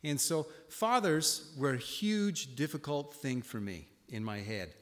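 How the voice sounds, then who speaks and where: A man in his sixties giving a sermon, telling a personal story and swinging from hushed reflection to loud exclamations. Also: mid-range voice, expressive, a little slow. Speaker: pastor. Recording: long reverb of a hall.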